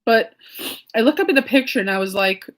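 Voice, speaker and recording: A woman in her late thirties telling a story in a casual vlog chat. She talks in a rambling, digressive way with lots of fillers, and her tone is soft and reflective. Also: on the high side, a little fast. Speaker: crochet and knitting vlogger.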